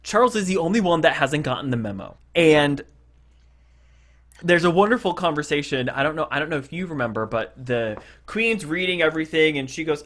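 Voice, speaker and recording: A man's voice: a little high, fairly quick. A man co-hosting a podcast, casually reviewing a TV episode and acting out its scenes as he retells them. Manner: animated retelling, acting out quotes. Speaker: podcast co-host.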